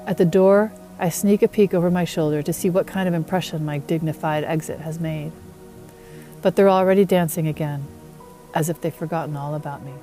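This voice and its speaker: A woman's voice: low voice, steady tone, a little fast, dark tone, faint music behind. A woman author reading her first-person novel aloud in a wry, self-mocking tone.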